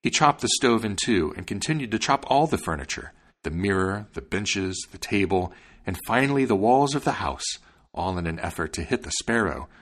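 A man hosting a podcast, reading a fairy tale aloud with expressive storytelling. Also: low voice. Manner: expressive storytelling, polite sign-off. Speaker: podcast host and narrator.

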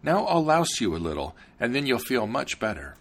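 A man voicing a gentle young princess who commands gnomes, raising his voice high for her calls. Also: big pitch swings, normal speed.

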